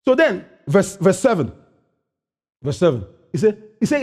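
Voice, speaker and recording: A pastor delivering a sermon in a high voice, moving between loud, soaring preaching and quiet asides. He keeps asking his listeners questions and then answers them himself. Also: big pitch swings, unhurried, pauses often, slightly rough.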